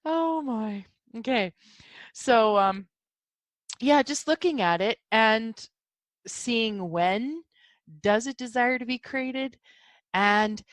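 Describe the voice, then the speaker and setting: In a mid-range voice with no room sound, a drowsy woman hosts a solo podcast. She yawns and giggles as she rambles about spiritual ideas in a casual way.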